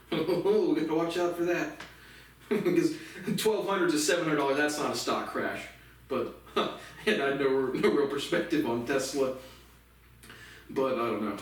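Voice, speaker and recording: A man hosting a casual news commentary, ranting sarcastically and swearing a lot. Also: a little high. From United States. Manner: profane, sarcastic ranting with laughs. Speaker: commentary show host. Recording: echoey room, mic far off.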